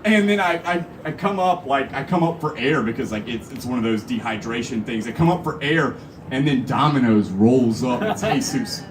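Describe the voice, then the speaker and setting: A man's voice: medium pitch, normal speed, noisy background. A young man telling a comic story live on stage, rambling and packing in "like" and "literally.". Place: live show venue. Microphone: phone camera from the audience. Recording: phone recording from far off.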